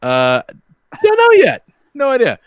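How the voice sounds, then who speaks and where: A man in his thirties tells a story with a lively, swooping delivery and lots of cursing. He plays out every voice in the conversation himself, close on a dry mic with no room sound. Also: very high voice, measured pace, no room sound. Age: 30s. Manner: profane, animated storyteller acting out both sides of conversations. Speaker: podcast co-host. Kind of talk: casual chat, storytelling.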